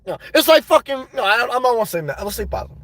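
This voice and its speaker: A man in his thirties hosting a casual livestream, talking in an animated, profane way with loud outbursts. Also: extremely high pitch, racing. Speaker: livestream host.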